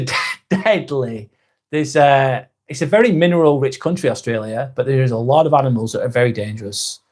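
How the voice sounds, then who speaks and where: A man from northwest England with a Lancashire accent hosts a casual live stream in a medium-pitched, slightly mellow voice. He talks bluntly and candidly, swears now and then, and reads out comments from viewers.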